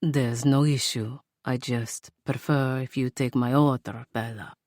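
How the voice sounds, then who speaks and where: A woman voicing a smooth, charming male stranger with a deep voice and a heavy Italian accent. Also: fairly even intonation, slow, dark tone, no echo, clean studio sound. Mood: flirtatious.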